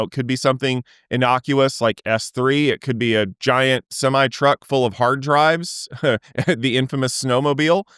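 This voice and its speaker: A man hosting a podcast from a hotel room in a relaxed, joking way, stumbling and repeating words, on a remote call microphone. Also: mid-range voice, clean tone, no echo, studio quality. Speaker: podcast host.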